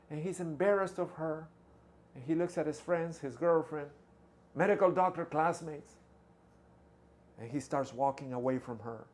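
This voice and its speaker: A male pastor telling a story in a sermon, swinging from hushed to loud. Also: fairly high pitch.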